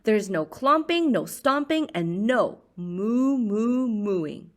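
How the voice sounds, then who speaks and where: A woman reading aloud the lines of an earnest, fussy male farmer in a slow, emphatic, slightly stern way. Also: on the high side, lively intonation. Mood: firm.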